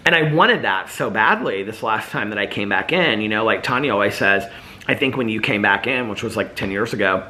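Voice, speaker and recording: A man's voice: lowish voice, lively intonation, brisk, pushed and bright. A man vlogger in casual, reflective chat, rambling with lots of "like" and "you know".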